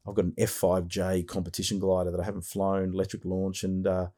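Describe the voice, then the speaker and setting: A man's voice: low voice, monotone, a little fast, dark tone. A man hosting a podcast, chatting enthusiastically and rambling with frequent restarts. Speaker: podcast host. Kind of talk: casual chat.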